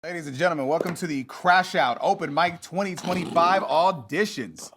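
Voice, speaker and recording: A man's voice: on the high side, moderate pace. A man hosting and announcing an open-mic audition in an announcer style. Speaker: show host. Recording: loud background noise.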